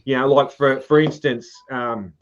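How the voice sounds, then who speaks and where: A man's voice: medium pitch, unhurried. Australian male podcast host, easygoing, a bit lo-fi, rambling with filler words. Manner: relaxed, swears freely, trails off with ums. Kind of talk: casual podcast chat.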